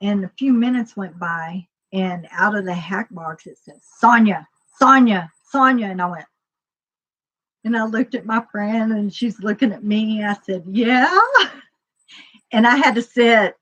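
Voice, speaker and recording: A woman's voice: mid-range voice, measured pace, low-quality recording. A woman casually telling a personal story, rambling, with lots of fillers and acted-out dialogue.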